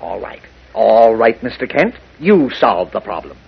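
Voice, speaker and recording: A blustery harried city mayor in a 1940s radio serial, husky, pitch jumping about, muffled old broadcast. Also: male voice, very animated, a little slow, heavily acted. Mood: exasperated. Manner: blustering, exasperated. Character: flustered blustering middle-aged male mayor.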